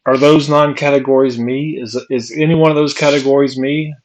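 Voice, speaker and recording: A man in his forties from the United States, thinking aloud in a halting, searching monologue that is full of restarts and repeated questions while he has been drinking. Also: mid-range voice, level tone. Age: 40s. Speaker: vlogger. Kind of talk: rambling philosophical monologue.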